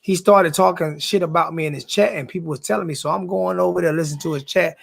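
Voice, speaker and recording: A man with a high-pitched voice and a gravelly crackle rants back at his live-stream chat. He talks like a sports YouTuber who is confrontational, says the same line again and again, and leans on profane slang. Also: brisk, few pauses.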